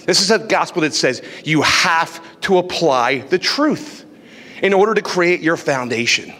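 Animated male preacher in a reverberant hall. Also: a little high, a little slow. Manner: animated preaching, acts out inner voices. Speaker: pastor. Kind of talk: sermon.

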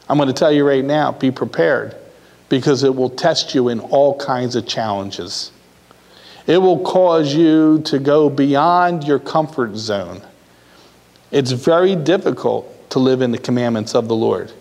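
A man's voice: mid-range voice, a little mellow. Man preaching, pastor's sermon, earnest, repetitive phrasing, long hall reverb.

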